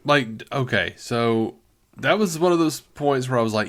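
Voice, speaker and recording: A man's voice: mid-range voice, moderate pace. A man co-hosting a podcast, chatting about a film in a playful, mocking way and laughing often. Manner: animated, laughs a lot, mocks delivery. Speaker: podcast co-host. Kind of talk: casual film review chat.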